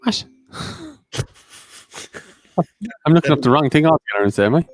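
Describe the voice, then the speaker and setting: A man's voice: on the high side, expressive, normal speed. A man co-hosting a casual quiz, guessing at answers he is unsure of and laughing easily. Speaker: quiz co-host.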